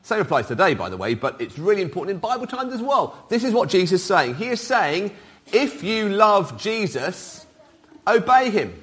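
Lively high-voiced preacher. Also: male voice, normal speed. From Wales. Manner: lively, interactive, asks the congregation to join in. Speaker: pastor. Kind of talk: all-age sermon.

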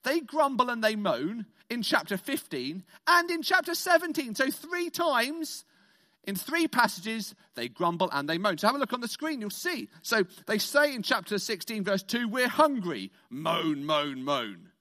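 British man, all-age sermon, high bright voice, leads call-and-response playfully. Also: very animated, normal speed. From Britain. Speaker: preacher.

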